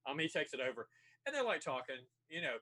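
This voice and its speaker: A man's voice: a little high, big pitch swings, quick pace, pushed and bright. Brief: man running a tabletop game, laid-back narration, lots of "like". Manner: casual, many fillers. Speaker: game master.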